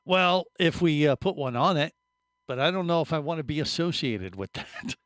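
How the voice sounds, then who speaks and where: A man's voice: fairly high pitch, animated, normal speed, a bit bright, no echo. A man hosting a radio show in a studio, joking with his co-hosts in casual banter. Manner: teasing, chuckling, trails off mid-sentence.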